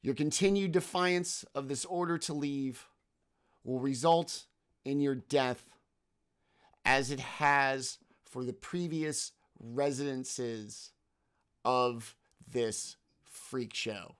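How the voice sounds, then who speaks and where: A man's voice: medium pitch, slow pace, smooth, natural voice. A man voicing a menacing hooded male thief guild enforcer who speaks in a commanding, formal tone. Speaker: game master.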